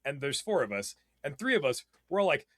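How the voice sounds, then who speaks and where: A man telling casual stories as a podcast guest, animated and rambling, with many fillers. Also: fairly high pitch, fairly quick, no room sound, clean studio sound. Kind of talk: casual storytelling.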